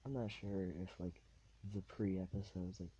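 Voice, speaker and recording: A man with a very low, dark, mellow voice hosts a solo podcast. He rambles in a laid-back way from one thought to the next and leans on fillers. It is recorded on a tablet with a faint hiss behind. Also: fairly even intonation, measured pace, lo-fi sound. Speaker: podcast host.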